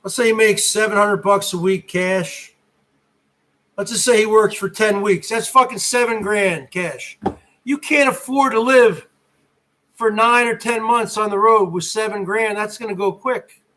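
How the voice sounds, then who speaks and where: A middle-aged man from northern New Jersey, ranting loudly and mockingly in a profane vlog monologue. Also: sits high, unhurried. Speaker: vlogger.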